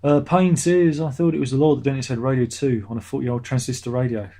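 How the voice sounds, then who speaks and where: A man's voice: medium pitch, steady tone, fast talker, mellow. A middle-aged man hosting a casual live stream, reading out chat messages and rambling sarcastically, often laughing at his own jokes.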